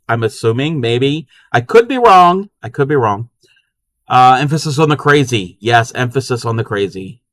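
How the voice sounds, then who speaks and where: Brief: male crochet streamer, chatty and bright-voiced, dry mic. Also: medium pitch, moderate pace, no room sound. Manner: chatty, counts stitches under his breath. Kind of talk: casual live-stream chat while crocheting.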